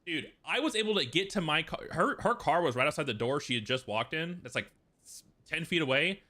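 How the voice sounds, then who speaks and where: A man's voice: on the high side, lively intonation, a little fast, sharp tone. A young man casually telling a long, rambling story, swearing often and filling it with "like". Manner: profane, rambling, full of fillers. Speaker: streamer.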